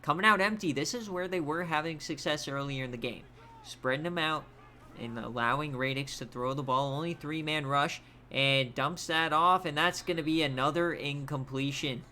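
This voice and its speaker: A man's voice: a little high, normal speed, pushed and bright, slight background noise. A man calling play-by-play on a streamed college football video game, chatty and upbeat with filler words. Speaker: play-by-play commentator. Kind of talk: casual video game commentary.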